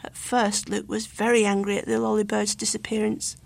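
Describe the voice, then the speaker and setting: A woman reading a children's storybook aloud with clear, expressive narration. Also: medium pitch, normal speed.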